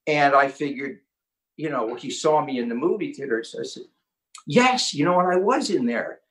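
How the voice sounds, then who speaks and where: A man hosting an online conference, telling an inspirational story with excitement and acting out the quotes. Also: mid-range voice, normal speed, poor audio. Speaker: host.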